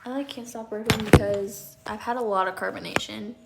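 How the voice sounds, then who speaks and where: A woman's voice: medium pitch, steady tone, fairly quick, creaky, very noisy. A young woman chatting casually on a livestream, burping and apologizing, then telling viewers to deal with it. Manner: burps often and keeps apologizing, then defiant.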